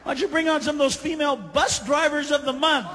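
A man doing a stand-up comedy routine, ranting and swearing, breaking into shouted impressions. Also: fast. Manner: profane, ranting, shouts into high-pitched impressions. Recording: live hall with audience, faint crowd noise.

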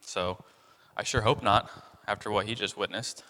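A young man delivers a relaxed, talky sermon with a lowish voice. He leans on fillers and slips into other people's voices as he goes. The sound carries a long reverb from the room. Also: moderate pace. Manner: conversational, many fillers, acts out voices of people in the story. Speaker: preacher. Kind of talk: casual sermon.

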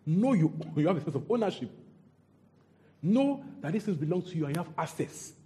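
Man, preacher, sermon, fairly high voice, mellow tone, repeats phrases. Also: a little fast. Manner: animated, repeats himself, quizzes the congregation.

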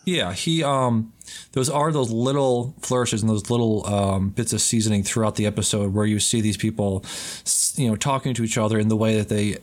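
A man with a fairly low voice hosts a film and TV podcast in a loose, rambling way. He swears freely and chats casually. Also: steady tone, moderate pace. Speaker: podcast host. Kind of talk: casual chat.

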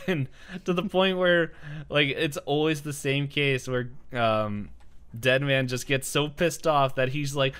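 Bright-voiced man telling a story with animation. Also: a little high, moderate pace. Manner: animated storytelling, acts out scenes with shouted voices and laughs. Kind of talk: casual chat.

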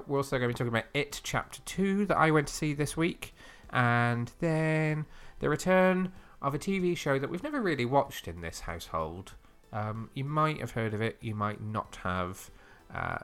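A man's voice: mid-range voice, a bit bright. A man co-hosting a casual comic book podcast, chatty and teasing, often laughing. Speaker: podcast co-host.

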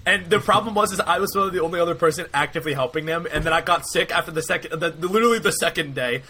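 A young man talking fast in a bright, forceful voice as he rambles through a story on a casual podcast. He acts out every line people said, with a faint hiss of background noise behind him. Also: fairly high pitch. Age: young adult. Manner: rambling, animated, quotes himself often. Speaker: podcast co-host.

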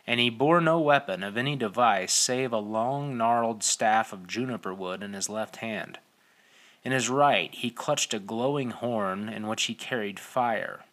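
Bright-toned male audiobook narrator. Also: fairly low pitch. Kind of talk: scripted narration.

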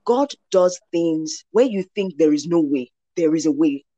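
Woman, 40s, from Nigeria. Lively testimony teller, slightly low voice, dry close sound. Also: a little slow, dry recording, highs cut off. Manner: animated storyteller, acts out quoted voices. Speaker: guest sharing a testimony. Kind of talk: personal faith testimony.

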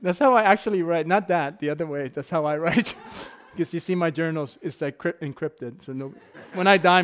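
Joking man preaching, slightly high voice. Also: a little fast, hardly any pauses, fairly bright tone. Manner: casual, joking, laughs often. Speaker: pastor. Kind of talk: sermon with personal stories.

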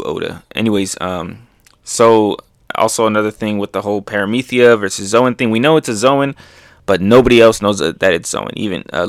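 A man's voice: lowish voice, dry recording. A man narrates a comic chapter in a loose, chatty way. He keeps breaking into playful sound effects and laughs. The recording is close and dry, with no room sound. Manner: animated, makes sound effects, laughs often. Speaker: manga reaction host. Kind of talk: casual comic read-through commentary.

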